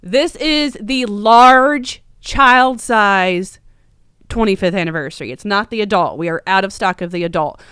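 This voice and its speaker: A woman running a casual live stream from her store, chatty and excitable, with lots of ums. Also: mid-range voice, unhurried, clear, resonant tone, no room sound, clean studio sound. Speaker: shop owner hosting a livestream.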